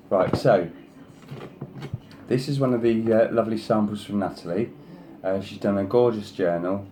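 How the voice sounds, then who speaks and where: A man speaking at a moderate pace over a noisy background hosts a casual craft show-and-tell, rambling through design samples and praising each one at length with many "you know"s. He's an adult whose sister is past thirty, and he coaxes his pet in a higher voice.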